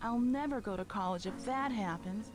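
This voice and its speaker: A woman's voice: medium pitch, normal speed, music in the background, natural voice. An actress playing an anxious young woman athlete in a mystery game, speaking hesitantly and stammering.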